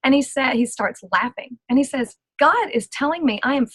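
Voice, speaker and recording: Woman, fairly high voice, lively testimony storytelling, acts out dialogue, dry sound. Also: normal speed, breathy edge, no room sound, poor audio. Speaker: ministry speaker.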